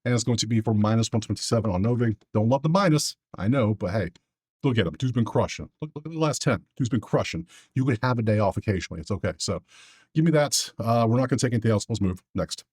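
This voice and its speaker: A man's voice: fairly low pitch, expressive, quick pace, a little mellow, husky. A man hosting a casual sports betting breakdown, talking to himself as he clicks through his sheets. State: out of breath.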